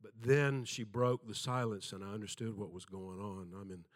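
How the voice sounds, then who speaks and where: A man's voice: lowish voice, steady tone, moderate pace. An older man preaching a sermon, telling folksy stories with self-deprecating humor and acting out the voices in them.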